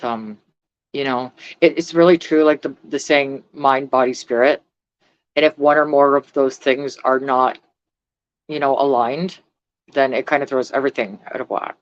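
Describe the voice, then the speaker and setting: A woman's voice: extremely low pitch, no room sound. Middle-aged woman vlogger, blunt and rambling, casual live-stream talk, muffled dry audio. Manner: blunt, rambling, swears freely.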